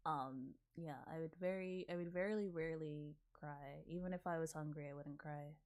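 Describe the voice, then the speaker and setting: A woman's voice: low-pitched, fairly even intonation, moderate pace, darkish tone. A woman in her twenties chatting casually as a streamer, rambling with lots of "like", swearing and laughing often. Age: 20s. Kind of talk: casual reaction chat.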